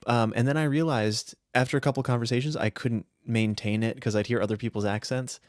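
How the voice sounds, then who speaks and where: A man from northern New Hampshire chatting casually on a podcast about his roleplay characters, rambling and animated. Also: mid-range voice, fairly quick, dry recording, studio quality. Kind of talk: casual chat.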